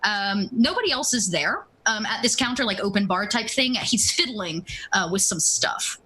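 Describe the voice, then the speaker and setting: Bright-voiced woman game master. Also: medium pitch, lively intonation, moderate pace, poor audio. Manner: rambling, many ums and asides. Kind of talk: narrating a tabletop role-playing game.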